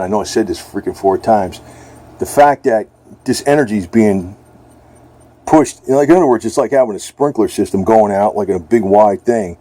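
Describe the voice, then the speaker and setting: Rambling husky-voiced man talking at home. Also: lowish voice, mellow. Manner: rambling, blunt, talks to his cat. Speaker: vlogger. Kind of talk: casual home video talk.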